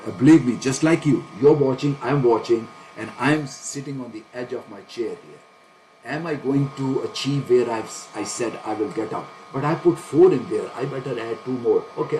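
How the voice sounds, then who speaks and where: A man's voice: medium pitch, darkish tone, poor audio. A man thinks aloud in a mid-range voice, anxious and full of questions for himself, with nervous laughs breaking in. He talks straight to his viewers as he trades live. A faint hiss of noise sits behind him.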